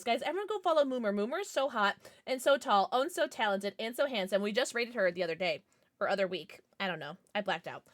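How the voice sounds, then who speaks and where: A bubbly, excitable woman chatting casually to her livestream audience while she plays. Her voice sits high and leaps around constantly, and she giggles often between lines. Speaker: game streamer.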